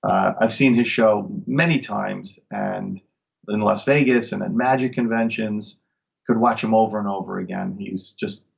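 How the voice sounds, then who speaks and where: Upbeat magician guy from long island, low gravelly voice, kinda dull lo-fi sound. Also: moderate pace. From Long Island, New York. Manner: enthusiastic, upbeat storyteller. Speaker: guest magician. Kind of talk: casual interview chat.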